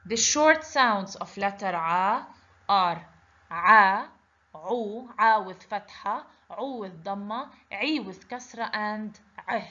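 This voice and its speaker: A woman's voice: mid-range voice, lively intonation, slow pace, pushed and bright. A woman teaching a children's lesson on letters, patiently repeating each word and asking the class questions. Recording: dull lo-fi recording.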